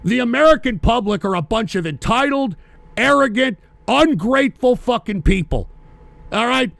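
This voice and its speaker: A man hosting a livestream, ranting angrily about politics and cursing at viewers who donate, often shouting. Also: very high-pitched, lively intonation, normal speed, vocal fry, dry recording. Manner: profane, ranting, frequently shouting. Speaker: livestream host. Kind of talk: angry political rant, reading donations.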